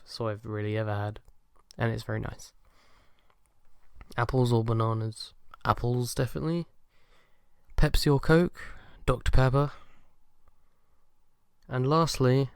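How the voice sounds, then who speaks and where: A man's voice: medium pitch, smooth, no room sound, clean studio sound. A young man answering fan questions in a casual chat, hesitant and self-deprecating, with lots of ums and uhs. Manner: soft-spoken and shy.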